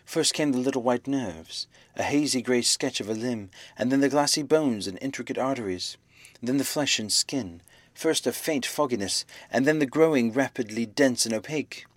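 A man giving a measured, expressive audiobook reading of a classic novel. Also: medium pitch, no echo. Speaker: audiobook reader. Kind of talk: scripted narration of a classic novel.

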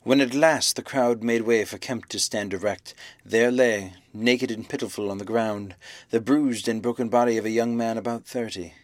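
Male audiobook narrator of a classic novel, measured and expressive, middle pitch, dry close sound. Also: dry recording. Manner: measured, expressive reading that acts out the dialogue. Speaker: audiobook reader.

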